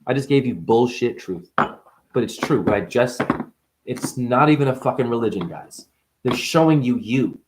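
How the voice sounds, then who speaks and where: A man rambling through a spiritual vlog monologue, punning in rapid free association, swearing and laughing as he preaches. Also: medium pitch, lively intonation, darkish tone. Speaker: spiritual vlogger.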